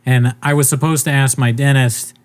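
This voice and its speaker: A man's voice: medium pitch, steady tone, moderate pace. A man in his thirties with a New England accent, hosting a podcast in casual, self-deprecating chat. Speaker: podcast host.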